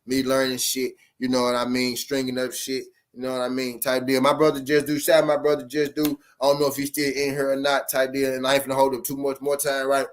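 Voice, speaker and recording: A man's voice: mid-range voice, completely flat delivery, a little fast, hardly any pauses. A man hosting a boxing channel, ranting to his live-stream viewers in blunt, profane street slang full of repeated phrases. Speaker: boxing commentary channel host.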